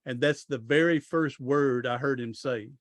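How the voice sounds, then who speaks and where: A man's voice: medium pitch, moderate pace, no echo, clean studio sound. Folksy man telling stories. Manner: rambling, restarts sentences, folksy grammar. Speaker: podcast guest, author and speaker. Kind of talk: casual storytelling interview.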